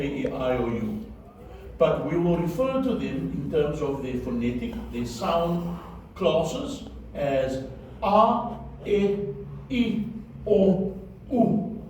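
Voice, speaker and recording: A man's voice: on the high side, mellow, a little hiss or hum. Man teaching from far back in an echoey room. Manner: patient, repeats sounds slowly and checks understanding. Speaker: Hebrew teacher. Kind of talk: classroom lesson on Hebrew vowels.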